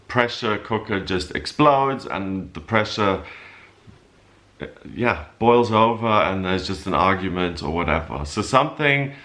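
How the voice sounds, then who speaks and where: A man talking through the week's astrology as a horoscope reader, explaining calmly with loose, rambling asides. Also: low voice. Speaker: astrologer giving a weekly horoscope. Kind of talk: casual spoken forecast.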